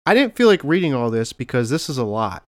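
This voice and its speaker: A man's voice: mid-range voice, sing-song, quick pace, dry recording, clean studio sound. A young adult man hosting a podcast, earnestly reading farewell thank-yous from notes with small slips. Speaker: podcast host.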